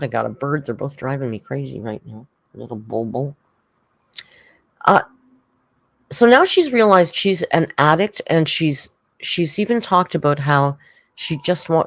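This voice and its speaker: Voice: medium pitch, fairly bright tone, no echo. A livestream host in casual reaction chat, rambling and chatty, reading out viewer comments.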